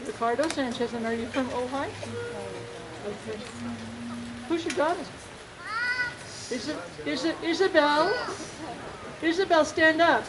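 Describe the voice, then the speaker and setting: A woman's voice: sits high, unhurried, pauses often, very noisy. A woman hosting a summer band concert, making casual announcements with fillers and restarts. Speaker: band event host. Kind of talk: casual announcements to an outdoor crowd. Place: outdoor concert with a crowd. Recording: loud crowd around.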